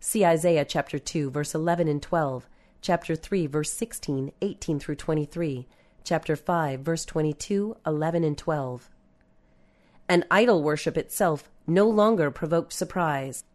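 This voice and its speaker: A woman reading a religious text aloud in a measured way, dropping her voice for the scripture references. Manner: measured, reads scripture references in a lower, softer voice. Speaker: reader. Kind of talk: scripted narration of a religious book.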